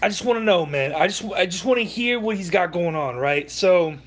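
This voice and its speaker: A man's voice: high voice, animated, moderate pace. A young man hosting a sports livestream, ranting heatedly and profanely with many restarts. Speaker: livestream host.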